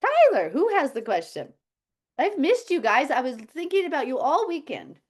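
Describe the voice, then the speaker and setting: Very animated and high-voiced, a middle-aged woman chats on a video call while teaching health habits, speaking at a moderate pace. She tells stories and breaks into laughter frequently.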